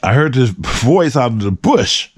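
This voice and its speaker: A man's voice: medium pitch, big pitch swings, a little slow, husky, dry recording, clean studio sound. A man hosts his show, telling a story in a loose, profane, slang-heavy way. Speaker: host. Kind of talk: storytelling monologue.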